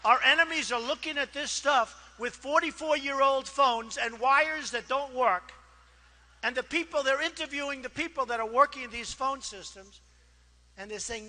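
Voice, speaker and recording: A man giving a campaign rally speech as a political candidate. He is boastful and rambling, repeats himself, and swings between loud declarations and quiet asides. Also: extremely high pitch, moderate pace. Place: rally crowd.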